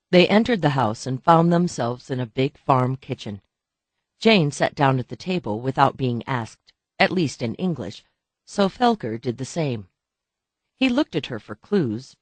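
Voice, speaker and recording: A man narrating a novel as an audiobook reader, in a steady, even storytelling manner. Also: fairly high pitch, no echo. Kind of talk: scripted narration.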